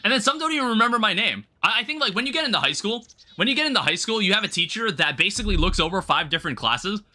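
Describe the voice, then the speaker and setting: Bright, lively-voiced man streaming a game. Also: high voice, very fast. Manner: rambling, self-correcting, chatting with viewers; casual, swears lightly. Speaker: livestreamer. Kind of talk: casual gameplay commentary.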